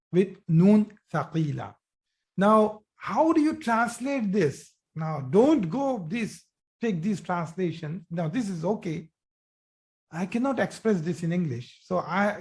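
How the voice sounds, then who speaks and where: A man's voice: high-pitched, a little mellow. A man teaching Arabic grammar in a live online lesson, patient, often praising his students.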